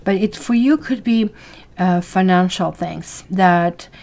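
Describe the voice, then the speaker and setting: A woman's voice: on the low side, slow pace, a little mellow. Chatty woman tarot reader. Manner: chatty and rambling, thanks viewers by name. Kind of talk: live weekly tarot reading.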